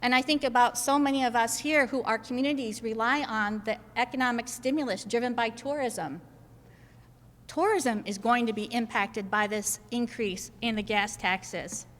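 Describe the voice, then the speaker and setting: Woman, state senator, press conference speech, emphatic, repetitive lists, fairly high voice, long hall reverb. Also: normal speed, fairly bright tone. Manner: emphatic, builds points in repeated lists. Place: indoor government building hall.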